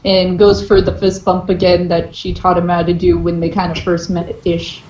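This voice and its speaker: A woman's voice: lowish voice, completely flat delivery, normal speed, mellow. A young woman playing a tabletop game, talking hesitantly and with lots of fillers. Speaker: player. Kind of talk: casual tabletop game play. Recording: roomy, dull lo-fi with mic noise.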